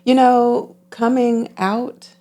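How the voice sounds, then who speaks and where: A woman speaking as a guest healer in an interview, calm and measured, repeating phrases for emphasis. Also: on the high side. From United States. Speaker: guest, intuitive healer and physician. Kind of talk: reflective interview talk.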